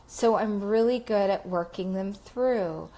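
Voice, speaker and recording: A woman life coach talking on a Facebook Live, reflective and slow, with many fillers. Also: medium pitch, dark tone.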